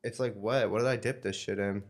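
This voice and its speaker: A man's voice: on the low side, steady tone, brisk. A young man in casual, crude banter, laid-back and mumbly, laughing often.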